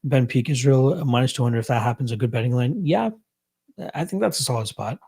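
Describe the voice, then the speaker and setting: A man's voice: mid-range voice, lively intonation, a little fast, gravelly, warm tone, breathy edge. A young Canadian man hosting a casual live stream, reading chat and answering betting questions in a laid-back, chuckling way.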